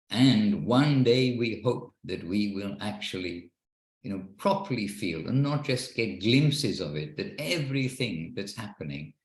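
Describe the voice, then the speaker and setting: A man's voice: fairly low pitch, creaky, reverberant, poor audio. A man leading an online devotional class over a video call, talking in an earnest, rambling way with frequent restarts. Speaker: class leader. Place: home in Wexford, Ireland, on a video call.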